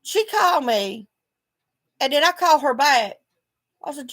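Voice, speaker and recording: A woman's voice: high-pitched, lively intonation, unhurried, fairly bright tone. A middle-aged woman speaking bluntly in a video journal, swearing often as she vents her frustration. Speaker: vlogger.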